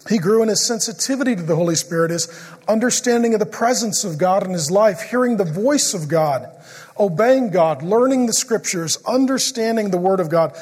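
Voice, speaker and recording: A middle-aged man preaching a sermon, joking through family stories and turning quiet and earnest when he prays. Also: high-pitched. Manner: joking storyteller who turns quiet and earnest in prayer. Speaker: pastor. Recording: long hall reverb.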